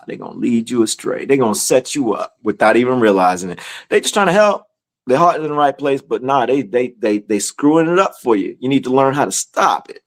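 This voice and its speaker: A man leading a casual Bible study. He reads verses aloud and talks straight to his audience. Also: medium pitch. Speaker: scripture study teacher.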